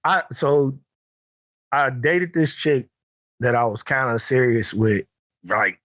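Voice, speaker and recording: A man, co-hosting a casual podcast and telling profane, animated stories. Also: mid-range voice, no room sound, studio quality. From Chicago. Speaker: podcast host. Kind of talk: casual chat.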